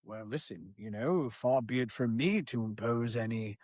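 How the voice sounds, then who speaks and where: A woman's voice: a little high, sing-song, measured pace, fairly bright tone, dry recording. A woman voicing a suave, overly formal male spy with a hesitant, pompous manner. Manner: hesitant, pompous, full of uh and you know.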